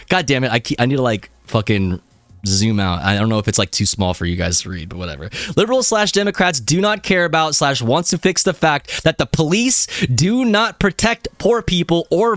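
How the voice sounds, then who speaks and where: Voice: medium pitch, lively intonation, moderate pace, fairly bright tone, dry recording. A young adult streamer in a casual live-stream rant, heated and profane, breaking into laughs.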